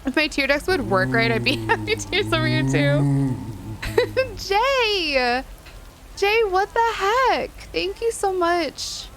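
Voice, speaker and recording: A woman streamer with a high voice talks casually to her live chat. She is gushing and giggly and says y'all often. Faint background noise sits under her voice. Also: sing-song, takes it slowly. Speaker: livestreamer. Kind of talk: casual livestream chat thanking viewers.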